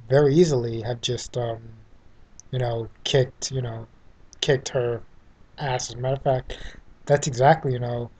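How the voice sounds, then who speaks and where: A man's voice: mid-range voice, husky. A man from New York City with a New York accent, giving a casual spoken TV review full of fillers and restarts. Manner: rambling, many fillers and restarts.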